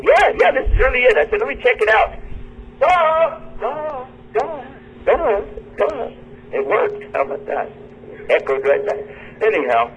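A man hosting a live radio lecture at a university, joking with and quizzing his audience as he teaches. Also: medium pitch. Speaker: radio show host and lecturer. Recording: dull lo-fi radio broadcast with faint noise.

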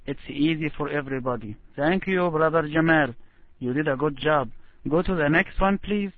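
A man guides a student through Quran recitation, modeling each phrase slowly and offering patient encouragement. His voice sits somewhat high. The audio is tinny and dry, like a video call line. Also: dry recording. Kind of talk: online recitation lesson.

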